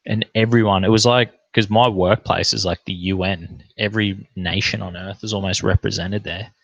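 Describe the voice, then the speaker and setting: A man's voice: lowish voice, fairly even intonation, normal speed, creaky, fairly bright tone, no echo, muffled recording. A young Australian man hosting a casual livestream, telling rambling, sweary anecdotes in broad slang and reading out chat comments.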